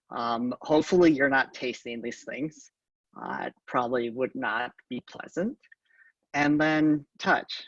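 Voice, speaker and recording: A man giving a calm conference talk on mindfulness, halting often with ums, recorded from a distance on a dull lo-fi recording. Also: medium pitch, no echo. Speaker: conference speaker.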